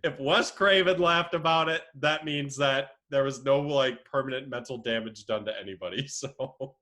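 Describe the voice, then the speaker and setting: Speaking at normal speed in a mid-range voice, a young man co-hosts a podcast. The talk is relaxed and chatty, with lively storytelling and plenty of laughter.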